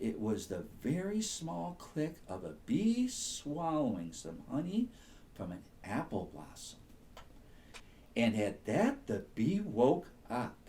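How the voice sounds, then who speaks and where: A man reading a children's bedtime story, slow and soothing. His voice is mellow and dark, and it rises and falls a great deal as he tells the tale. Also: mid-range voice.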